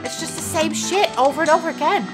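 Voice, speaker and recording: A woman with a high voice talks over game footage in loose, sarcastic commentary. She sounds exasperated and swears freely. Music plays clearly behind her. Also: quick pace. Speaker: gaming YouTuber reacting to a video. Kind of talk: casual reaction commentary.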